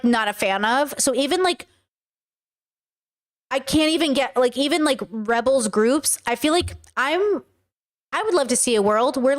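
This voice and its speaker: A woman hosting a casual reaction commentary, chatty and rambling with frequent laughs. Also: fairly high pitch. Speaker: commentary host reacting to clips.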